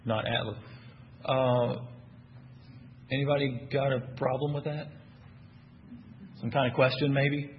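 Speaking unhurriedly and pausing often, a medium-pitched man with a Texan accent preaches, animatedly posing questions to the congregation and answering them emphatically. The audio is dull, with slight background noise.

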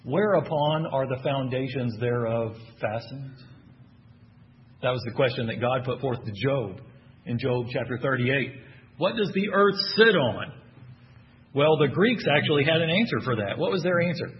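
A man's voice: mid-range voice, normal speed. Texan guy preaching, middle voice, quizzing the crowd, kinda muffled lo-fi recording w faint room noise. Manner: asks the audience questions, animated and emphatic. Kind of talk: sermon.

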